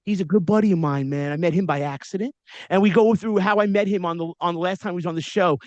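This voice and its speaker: A man's voice: high voice, fast, no echo, muffled recording. A man in his forties hosting a podcast interview, telling long stories in casual slang with many asides. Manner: storytelling with frequent slang and asides. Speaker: podcast host.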